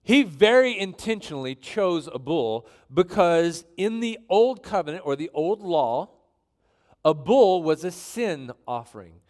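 A man preaching a sermon in an animated, joking way, reading scripture aloud between his asides. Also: fairly high pitch, measured pace. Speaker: pastor.

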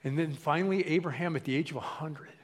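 Man preaching, folksy and repetitive, slightly high voice, echoey hall sound. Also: quick pace. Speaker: pastor. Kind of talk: sermon.

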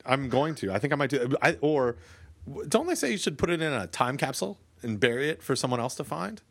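A man's voice: medium pitch, sing-song, a little fast, vocal fry, slightly rough. A man co-hosting a podcast from his office, talking in a rambling, playful way that keeps stopping and restarting. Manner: rambling, self-interrupting, playful. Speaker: podcast co-host. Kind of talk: casual chat.

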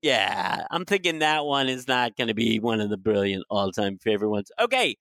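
A man's voice: on the low side, very animated, moderate pace, creaky, a bit bright, no echo, studio quality. A man co-hosting a podcast in a casual group chat, playful and teasing, often laughing. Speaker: podcast co-host.

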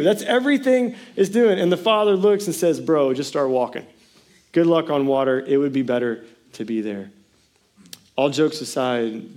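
A pastor in his thirties preaches in a loose, chatty way and mixes jokes into scripture. His voice has a medium pitch and he often jumps up into loud, excited outbursts. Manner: animated, jokey storytelling with sudden loud bursts. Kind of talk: sermon.

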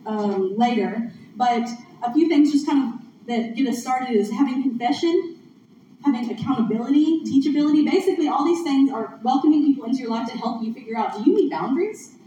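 A woman delivers a sermon in a conversational, earnest way, her voice a little high. The sound is picked up from across a big, echoing hall. The recording is muffled with steady background noise. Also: brisk. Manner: conversational, earnest, laughs along with audience. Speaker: speaker at a church gathering. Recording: distant echoey room mic, muffled, noisy.

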